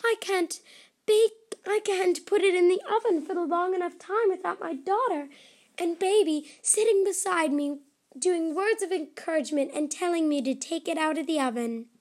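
A woman's voice: extremely high pitch, moderate pace, darkish tone, voice pushed up. Woman playing a fretful storybook mother. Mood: earnest.

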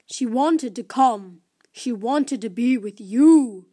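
A small, strange creature speaks with solemn insistence in a storybook tale, as a woman reads it out. The voice sits lower than the narration and moves slowly and firmly. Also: expressive, mellow. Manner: solemn, urging. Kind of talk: storybook reading.

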